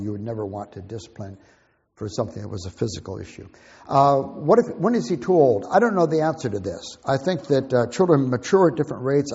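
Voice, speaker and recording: A long hall reverb carries the words of an older Christian parenting teacher through a dull, lo-fi recording. His talk is folksy and plain, delivered in a husky, slightly mellow mid-range voice.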